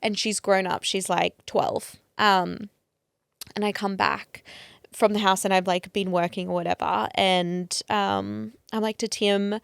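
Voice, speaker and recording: A woman's voice: medium pitch, little pitch movement, measured pace, vocal fry, smooth, no room sound, studio quality. A woman, a podcast guest telling personal stories openly and emotionally, with lots of fillers. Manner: open, emotional storytelling with many fillers. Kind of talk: casual chat.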